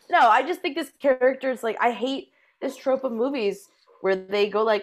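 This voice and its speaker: A woman's voice: on the high side, expressive, moderate pace. A woman co-hosting a podcast, giving blunt, opinionated takes on a movie. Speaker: podcast co-host. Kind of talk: casual movie discussion.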